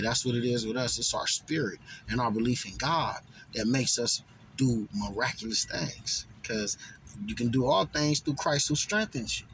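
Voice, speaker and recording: A man reading scripture aloud and then riffing on it in casual, slangy, animated commentary. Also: sits high, a little hiss or hum, poor audio. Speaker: bible study vlogger.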